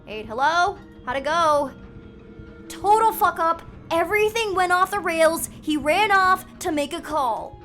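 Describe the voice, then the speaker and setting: A young woman streaming a game live, reading the characters' lines aloud and reacting with loud panicked outbursts. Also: very high voice, unhurried, soft background music. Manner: switches between calm read-outs and loud panicked outbursts.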